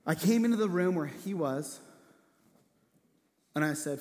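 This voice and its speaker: Male pastor, earnest storytelling sermon, slightly high voice, long church-hall reverb. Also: animated, moderate pace, pauses often. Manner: earnest storytelling, drops to a hushed voice for tender moments.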